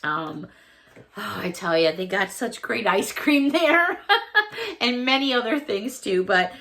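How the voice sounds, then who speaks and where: A woman's voice: medium pitch, very animated, takes it slowly, a bit bright, a little hiss or hum. A woman from Chicago chatting casually as a vlogger, gushing and laughing often as she goes through her mail. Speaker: vlogger opening fan mail. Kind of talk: casual chat.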